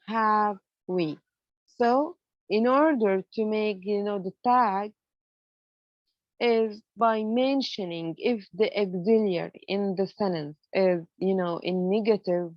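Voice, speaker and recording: A woman's voice: mid-range voice, no echo, highs cut off. Woman teaching English grammar. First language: Arabic. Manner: explains in English mixed with Arabic, many fillers. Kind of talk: online lecture.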